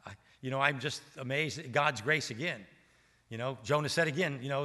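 A man preaching a sermon as pastor of a church, emphatic and swinging between loud and hushed delivery. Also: mid-range voice, moderate pace, big-room sound.

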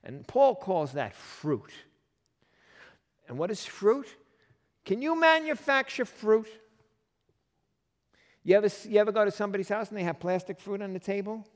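A man pastor preaching a sermon in a lively, conversational way, firing off rhetorical questions at his congregation. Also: sits high, fairly quick, big-room sound.

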